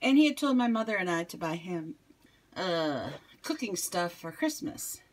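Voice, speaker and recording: A woman's voice: fairly low pitch, big pitch swings, normal speed, a little hiss or hum. A middle-aged woman with a slight Southern accent, chatting casually with many ums as she shows her kitchen on a handheld camera. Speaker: vlogger. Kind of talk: casual home tour chat. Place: home kitchen. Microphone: handheld camera moved around while talking.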